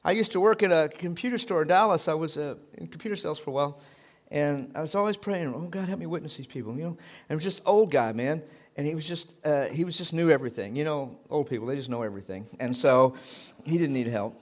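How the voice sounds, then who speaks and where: High-voiced man preaching a sermon. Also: fast talker. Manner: conversational preaching, swelling to emphatic exhortation. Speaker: pastor.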